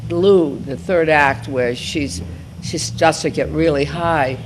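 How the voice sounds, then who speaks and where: A woman in her seventies speaking to high school students as a guest, talking informally and rambling with frequent restarts. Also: takes it slowly, background noise. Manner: rambling, restarts mid-thought. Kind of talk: informal talk and Q&A.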